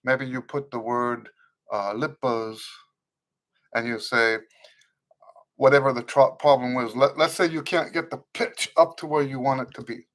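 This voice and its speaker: A man's voice: mid-range voice, fairly even intonation, a little slow, a bit bright. A man teaching trumpet in an unscripted live-stream Q&A, earnest and instructive, repeating key phrases for emphasis and greeting viewers as they comment. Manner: reads viewer comments aloud and greets them.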